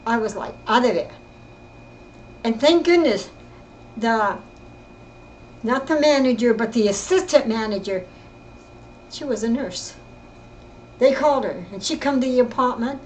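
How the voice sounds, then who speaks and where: An older woman telling her own story in casual, rambling speech, often halting and repeating herself. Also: on the high side, lively intonation, slight background noise, rough recording. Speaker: interviewee recounting her life. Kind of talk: casual spoken reminiscence.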